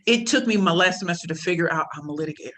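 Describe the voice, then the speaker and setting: A woman, a podcast guest telling her life story in a casual, animated and slangy way, often voicing the people she quotes. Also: fairly low pitch, very fast. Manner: animated, slangy, quoting others in voices. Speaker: podcast guest, pitch coach and speaker.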